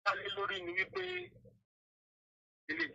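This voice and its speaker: A man's voice: high-pitched, big pitch swings, normal speed, gravelly, pushed and bright. A Nigerian man calling in, talking eagerly and pleadingly. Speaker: caller. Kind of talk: phone call mixing Yoruba and English. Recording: tinny phone line.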